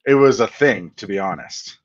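A man's voice: lowish voice, expressive, normal speed. A man co-hosting a casual online chat, teasing in a dry, understated way. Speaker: podcast co-host. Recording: muffled faulty mic.

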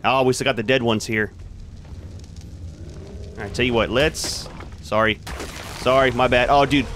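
A man's voice: medium pitch, slight background noise. A man hosting a gaming channel, giving casual commentary as he plays and chatting to his creatures in a laid-back way.

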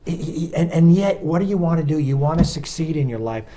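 A man, a pastor, leading a Bible study in a loose, animated teaching style and asking a helper to read verses aloud. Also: on the high side, fairly quick, rough recording. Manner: animated, talks straight to listeners and asks a helper to read verses.

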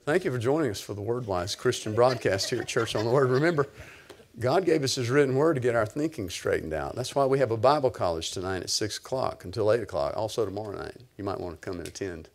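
A man pastor preaching a sermon, emphatic and at times near-shouting. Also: fairly low pitch, animated, fast, slight background noise.

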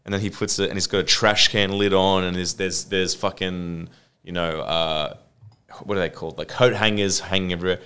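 A man's voice: low voice, fairly even intonation, fairly quick, pushed and bright, clear, resonant tone. A man, hosting a podcast in casual chat and retelling a cartoon episode with lots of laughter and swearing. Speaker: podcast host.

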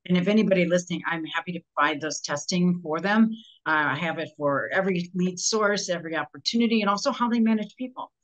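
A woman, a sales trainer, talking as a guest in an interview, animated and telling stories with quick voices for the people in them. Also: on the low side, lo-fi sound. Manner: animated, acts out customers in character voices. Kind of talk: podcast interview storytelling.

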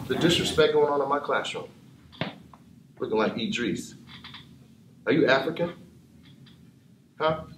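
Loud mocking man in an echoey room. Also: medium pitch, distant mic. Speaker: teacher in a comedy sketch. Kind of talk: sketch comedy acting. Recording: echoey room with background noise.

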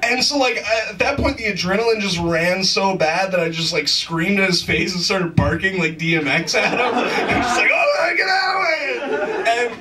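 A man's voice: sits high, normal speed, hardly any pauses, recorded from a distance, heavy background noise. A man doing a stand-up comedy set on a club stage, rambling with lots of fillers and laughing at his own jokes. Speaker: stand-up comic.

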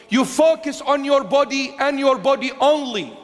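A bishop preaching a sermon in a church, emphatic and repetitive, swinging between loud insistence and hushed low phrases. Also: male voice, moderate pace, few pauses. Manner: emphatic, repetitive, dramatic swings in pitch and loudness. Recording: long reverb of a large church.

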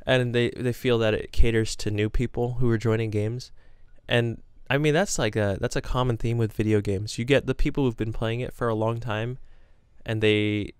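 Young guy rambling to his cam about his day, smooth clear voice, dry close sound, kinda self-deprecating. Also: mid-range voice, steady tone, moderate pace, no echo. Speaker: gaming vlogger. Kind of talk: casual chat to camera. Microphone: camera with green screen.

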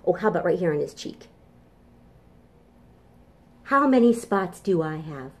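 A woman's voice: fairly low pitch, expressive, a little slow. A woman children's librarian leading a toddler storytime from her home kitchen, cheerful and sing-song as she talks to small children.

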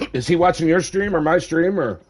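A man's voice: a little high, animated, normal speed, slight background noise. A middle-aged man chatting casually on a gaming stream, cursing freely, joking and laughing often.

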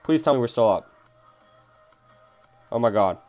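A man's voice: medium pitch, animated, measured pace, a little mellow, faint music behind. A young man live-streaming a mobile game, swearing at his phone and answering chat as he plays. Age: young adult. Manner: frustrated, swearing, reading chat aloud. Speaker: gaming streamer.

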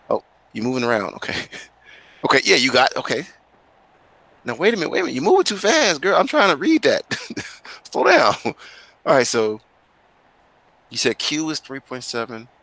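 A man's voice: mid-range voice, gravelly, sharp tone. A male teacher guiding students through an online class on a video call, talking casually but directly and firmly.

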